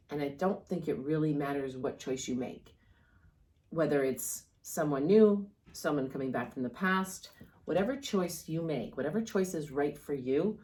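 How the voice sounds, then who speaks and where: Low-voiced woman giving a rambling tarot reading. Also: a little mellow. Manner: rambling, encouraging, many fillers and restarts. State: coughing and yawning at times. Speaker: tarot reader. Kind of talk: casual tarot reading monologue.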